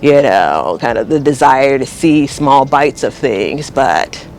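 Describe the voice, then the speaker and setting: A man's voice: medium pitch, sing-song, slow pace, slight background noise. A man hosting a casual walkthrough of his vegetable garden, talking in a long-winded, rambling way while he tours it. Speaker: garden vlogger host. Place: outdoor home vegetable garden. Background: faint outdoor ambience, passing plane.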